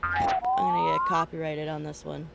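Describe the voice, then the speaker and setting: Gravelly-voiced chatty woman streamer. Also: medium pitch, expressive, moderate pace, very noisy. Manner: rambling, chatty, laughs often. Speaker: game streamer. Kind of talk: casual chat while gaming. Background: game music.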